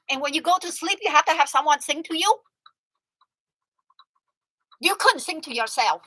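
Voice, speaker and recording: A woman hosting a livestream, telling a story to her chat in a chatty way that swings from loud outbursts to muttered asides. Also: sits high, expressive, moderate pace, pauses often, no room sound, rough recording. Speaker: livestream host. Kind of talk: casual storytelling to a live chat.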